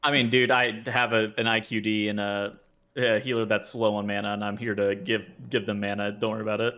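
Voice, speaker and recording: Bright-voiced man tossing off quick remarks. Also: lowish voice, flat delivery. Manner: quick offhand remarks, casual slang. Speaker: podcast co-host. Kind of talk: casual gaming podcast chat.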